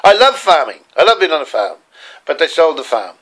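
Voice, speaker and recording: Childhood memories pour out of this older Australian man in meandering, heartfelt stories. He speaks a touch fast in a slightly high, bright voice that is very animated.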